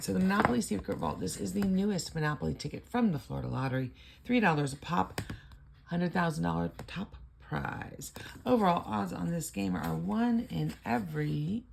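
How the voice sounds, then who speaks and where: Gravelly low-voiced older woman vlogger. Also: darkish tone, a little hiss or hum. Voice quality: gravelly, husky voice. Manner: chatty, rambling storyteller. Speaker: lottery ticket vlogger. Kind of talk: casual chatty vlog narration.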